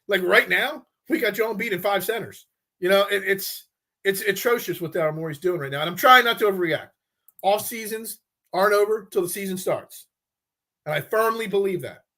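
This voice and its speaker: A man's voice: sits high, pushed and bright. A man hosting a casual live sports talk show, rambling and frustrated, often stumbling and restarting his sentences.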